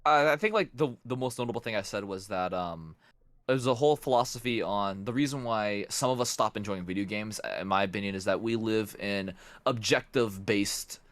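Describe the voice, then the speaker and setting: A man's voice: fairly low pitch, fairly quick, no room sound. A young man as a podcast guest, telling stories with many restarts and some swearing. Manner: stammering restarts, swearing, animated storytelling. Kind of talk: casual podcast chat.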